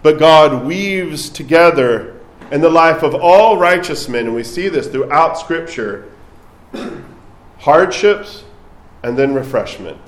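A man's voice: on the high side, lively intonation, slow, echoey room, low-quality recording. A man preaching a sermon as a priest, speaking conversationally and adding light asides.

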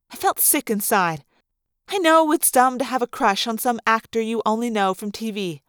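High-voiced woman reading a story aloud. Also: moderate pace, smooth, no echo, studio quality. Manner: expressive, acting out scenes. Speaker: audiobook reader. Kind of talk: first-person story narration.

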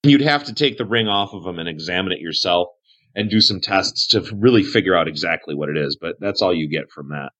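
A man's voice: deep voice, lively intonation, fairly quick, bright, forceful tone, muffled recording. A man narrating as game master in a casual, loose way, with fillers. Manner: casual, describes actions with fillers.

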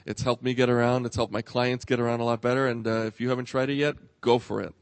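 A man earnestly recommending a service at a conference, speaking haltingly with restarts. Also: mid-range voice, little pitch movement. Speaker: conference presenter.

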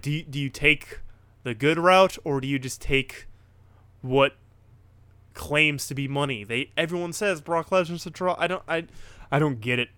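Excitable man with a bright voice. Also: fairly high pitch, no room sound. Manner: excitable, rambling with restarts and swearing. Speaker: podcast co-host. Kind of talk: casual wrestling chat.

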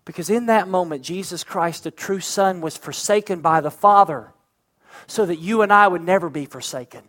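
A man's voice: high-pitched, normal speed, fairly bright tone. A man preaching a sermon as pastor, building intensity toward emphatic points.

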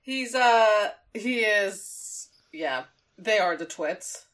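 A woman's voice: medium pitch, lively intonation, drawn-out words, a bit bright. A woman co-hosting a casual chat, laughing often and swearing while she retells scenes. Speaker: podcast co-host.

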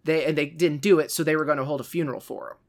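A man with a slightly higher voice co-hosts a casual podcast. He talks in an easygoing, rambling way and leans on lots of fillers as he works through a point. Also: steady tone, very fast. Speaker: podcast co-host.

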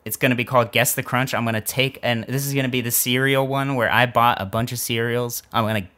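Young guy podcast cohost, bright forceful voice, joking around and ribbing his friend. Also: mid-range voice, fairly even intonation, fast talker. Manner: teasing, self-deprecating, jokey. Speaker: podcast co-host. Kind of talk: casual podcast chat.

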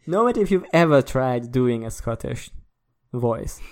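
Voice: medium pitch, very animated, measured pace. A podcast co-host in a teasing casual chat, recording from a separate studio. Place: own home recording studio.

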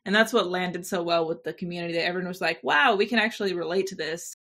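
Woman cohost, lowish gravelly voice, casual swearing, says like constantly. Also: fast talker, fairly bright tone. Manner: frank and profane, heavy use of "like". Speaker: podcast co-host. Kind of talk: casual film review chat.

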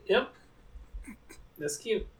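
A woman's voice: very slow, rough recording. A woman co-hosting a podcast in casual chat, playful and joking. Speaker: podcast co-host.

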